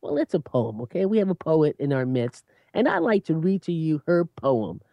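A man's voice: fairly high pitch, very animated, moderate pace, creaky, dry recording, dull audio. A man co-hosting a Christian radio talk show, answering with short agreements and reading a poem aloud earnestly. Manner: warm affirming interjections, earnest reading aloud. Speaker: radio co-host. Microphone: studio microphone.

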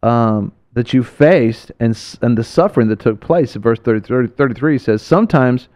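A man's voice: mid-range voice, fairly quick, darkish tone. A man hosting a religious broadcast, preaching with a fervent, exhorting delivery and repeating phrases for emphasis.

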